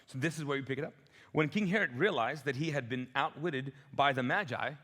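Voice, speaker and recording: A man's voice: medium pitch, fairly quick, a bit bright. A middle-aged man from the Middle East, preaching a sermon as a pastor in a church auditorium, conversational and joking, acting out voices. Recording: long hall reverb.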